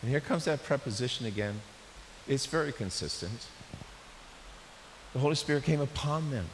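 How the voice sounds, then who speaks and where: A man preaching a sermon in a church, in a conversational, animated way with frequent restarts. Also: medium pitch, moderate pace. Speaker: pastor. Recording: echoey hall with faint hiss.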